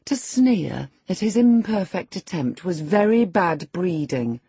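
A woman's voice: lowish voice, sing-song, a little slow, dark tone, breathy edge, no room sound, heavily acted. A woman voicing an earnest older housekeeper who firmly reproves a young lady. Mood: reproving.

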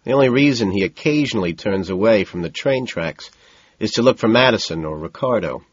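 A man narrates first-person fiction in a cool, measured way. His voice is very low and husky. The studio sound is dry and slightly dull. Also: lively intonation, no room sound. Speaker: audiobook narrator.

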